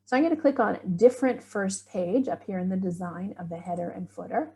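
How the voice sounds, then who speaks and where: A woman's voice: mid-range voice, a little fast, few pauses, mellow. A middle-aged woman teaching a screen-share tutorial, chatty and thinking aloud as she works. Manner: chatty, thinking aloud, little surprised exclamations. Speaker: writing workshop instructor.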